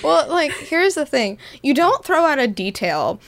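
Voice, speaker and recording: A woman hosting a podcast in a casual book-club chat, talking fast and animated with lots of fillers. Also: high voice. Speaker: podcast host.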